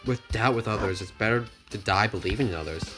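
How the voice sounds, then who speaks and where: Ein Mann liest einen sanften, seltsamen jungen Mann. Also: male voice, on the low side, fast talker, fairly bright tone, faint music behind, close to an everyday voice. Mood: earnest.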